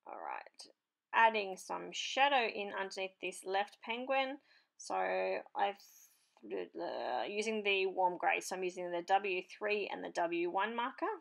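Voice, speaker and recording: A woman's voice: medium pitch, sing-song, vocal fry. A woman hosting a papercraft channel, chatting casually as she explains her marker colouring in a tutorial voice-over. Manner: chatty, unhurried, talks while working.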